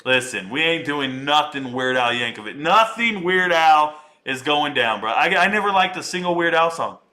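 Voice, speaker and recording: A man's voice: fairly high pitch, animated, moderate pace, pushed and bright. A man casually chatting and joking with his viewers while he reacts live to a fight.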